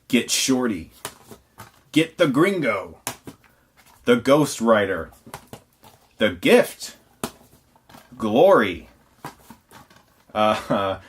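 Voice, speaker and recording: A man's voice: fairly low pitch, slight background noise. A man reviewing films who walks through his collection in a casual on-camera listing, dropping wry, sarcastic asides.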